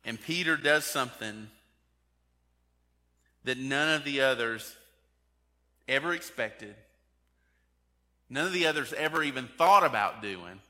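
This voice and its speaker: Bright-voiced preacher in a reverberant hall. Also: male voice, medium pitch. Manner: conversational, asks the congregation direct questions. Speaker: pastor. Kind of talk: sermon.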